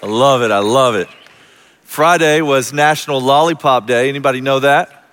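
A man's voice: medium pitch, normal speed, fairly bright tone. A male pastor telling a story in a conversational sermon, joking with the congregation and asking for amens. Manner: conversational, self-deprecating humor with audience call-outs. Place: church sanctuary before a congregation. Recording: long reverb of a large hall.

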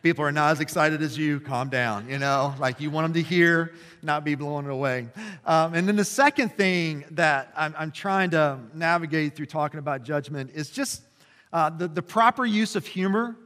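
A man's voice: on the high side, moderate pace, a bit bright. A man in his forties preaching as a pastor in a church, passionate and conversational, with frequent fillers and restarts. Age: 40s. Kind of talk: sermon. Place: church sanctuary. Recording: long reverb in a church hall.

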